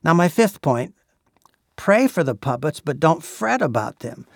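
A man preaching a sermon in an earnest, measured way, pausing often with "uh". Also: on the high side, big pitch swings, dry recording, studio quality. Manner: earnest, measured, with frequent "uh" pauses.

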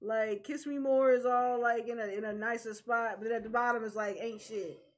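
A woman co-hosting a casual podcast conversation, her voice sitting slightly higher than most. She laughs easily and often, her giggles spilling into her sentences. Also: steady tone, brisk. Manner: giggly, breaks into frequent laughter. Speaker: podcast co-host. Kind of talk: casual chat.

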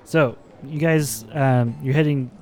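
A man narrating as game master of a tabletop game, laughing easily and pausing often with ums. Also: mid-range voice, fairly even intonation, mellow. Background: music.

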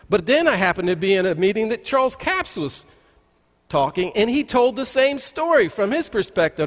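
High-voiced pastor preaching in a reverberant hall. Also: male voice, big pitch swings, fairly quick, a bit bright. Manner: folksy storytelling with frequent "uh" restarts. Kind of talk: conversational sermon. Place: church sanctuary. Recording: long reverb of a large church hall.

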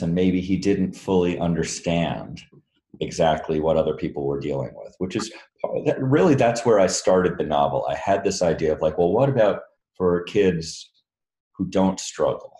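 An author with a low, mellow voice answers audience questions in a room with a live crowd, and the sound is roomy. The casual Q&A is loose and rambling, and he is self-deprecating and laughs often.

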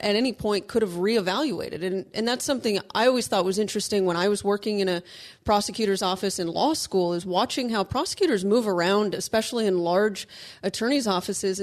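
A woman co-hosting a legal talk show, arguing her points in a brisk, assertive way. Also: medium pitch. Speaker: co-host, lawyer. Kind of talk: casual legal commentary.

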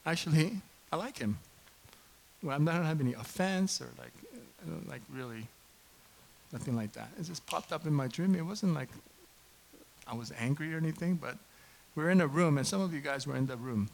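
A middle-aged man preaching a casual sermon in a church, chatty and self-deprecating, bursting into loud impassioned preaching when he gets going. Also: on the high side, moderate pace, gravelly, poor audio. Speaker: pastor. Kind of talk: conversational sermon.

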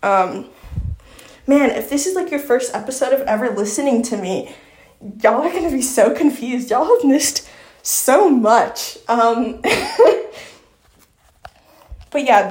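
Southern woman, bright higher voice, roomy. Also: moderate pace. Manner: chatty and effusive, with many fillers like "like". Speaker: podcast host. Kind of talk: casual podcast chat and reading aloud from her book.

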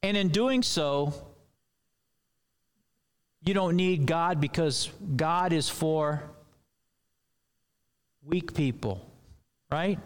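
New guy preaching, kinda rambly and chatty, voice on the higher side. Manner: conversational, rambling asides. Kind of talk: sermon.

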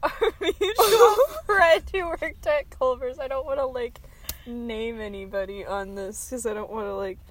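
A woman's voice: a little high, measured pace. A woman co-hosting a podcast in casual chat, rambling, swearing freely and laughing often. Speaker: podcast co-host.

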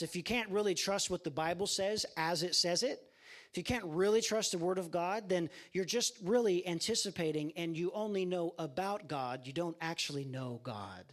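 Impassioned high-voiced male preacher. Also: fairly bright tone. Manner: impassioned, addresses listeners as guys. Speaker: preacher at a campus ministry. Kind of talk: sermon.

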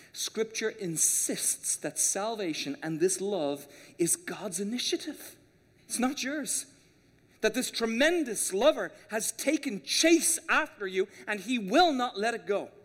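A man preaching a passionate sermon as pastor, swinging between quiet, low stretches and forceful emphasis. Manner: impassioned preaching, rising and dropping for emphasis. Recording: long reverb of a large hall.

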